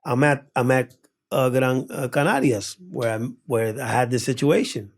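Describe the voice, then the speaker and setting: A man who speaks natively, telling animated stories as an interview guest, acting out the voices and laughing often. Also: medium pitch, normal speed, gravelly. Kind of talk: animated storytelling in conversation.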